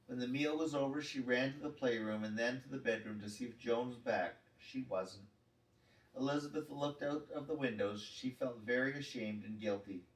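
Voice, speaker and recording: A man reads a children's chapter book aloud, calm and steady in his storytelling. His voice is mid-pitched and sits back from the mic in a roomy space. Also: moderate pace, recorded from a distance.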